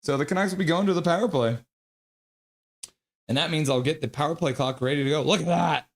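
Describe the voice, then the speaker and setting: A man streaming live hockey play-by-play, excitable and profane, reading viewer chat aloud between calls. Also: fairly high pitch, brisk. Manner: excitable, swears, reads chat comments aloud.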